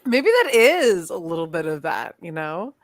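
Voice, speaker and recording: A woman's voice: lowish voice, moderate pace, dry recording. A woman co-hosting a casual podcast, talking animatedly about horror movies and acting out characters' lines. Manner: animated, laughing, acts out quotes. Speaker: podcast co-host. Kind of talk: casual chat.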